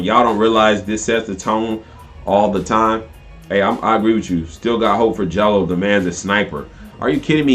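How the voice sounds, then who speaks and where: A man with a somewhat low voice talking loosely through a live game stream. He reads out comments from viewers and reacts with animated disbelief. Faint music plays under him.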